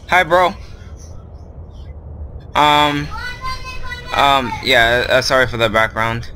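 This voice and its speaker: A man's voice: medium pitch, slow, pauses often, bright, forceful tone, slight background noise. A man hosting a horror game video, nervous and rambling, filling gaps with lots of ums. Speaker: gaming video host. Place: at home with his brother nearby.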